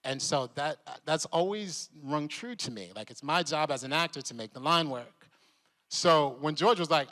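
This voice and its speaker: Man, convention panel guest, bright voice, lively storytelling, reverberant hall. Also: fairly high pitch, moderate pace. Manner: animated, laughing, acts out voices.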